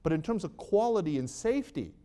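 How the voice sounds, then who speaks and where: Man, middle-aged, medical conference lecture, somewhat high-pitched, conversational, rhetorical questions, dry humor. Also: sing-song, a little fast, dark tone. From Canada. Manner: conversational, rhetorical questions, wry jokes to the audience. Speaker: psychiatrist giving a conference lecture.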